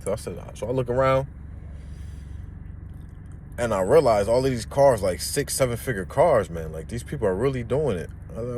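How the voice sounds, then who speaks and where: A man's voice: medium pitch, moderate pace, pauses often, a little hiss or hum. Young man telling a street story. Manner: animated, acts out voices in the story. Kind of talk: casual storytelling.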